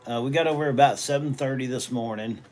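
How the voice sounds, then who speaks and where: With a darkish, medium-pitched voice and quick pace, this middle-aged Southern US man chats casually through a phone livestream. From a hospital treatment room, the host and auctioneer reads viewer comments, rambling in folksy country talk.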